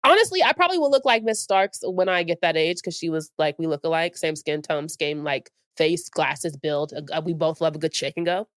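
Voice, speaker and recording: Low-pitched woman in her late twenties, podcast co-host, casual storyteller, dry close sound. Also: a little fast, hardly any pauses, no echo. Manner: animated, acts out quotes with big pitch jumps and laughter.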